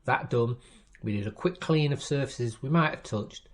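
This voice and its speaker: A man reads a first-person crime story aloud at an even, measured pace. His voice sits in an ordinary middle register, and the delivery carries a dry, wry edge. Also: medium pitch. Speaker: story reader. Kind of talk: scripted first-person narration.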